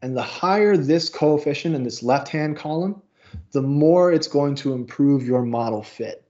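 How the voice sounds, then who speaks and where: A man's voice: on the high side, normal speed, a little mellow, close to an everyday voice. A man voicing a helpful talking statistics program that offers suggestions, in a dull lo-fi recording. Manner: obliging, explanatory.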